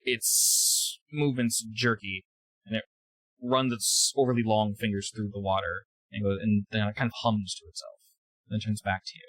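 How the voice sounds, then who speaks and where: A man narrating a tabletop role-playing scene as game master, with a hesitant delivery and pauses filled with "uh". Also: lowish voice, fairly even intonation, fairly bright tone, no echo, rough recording.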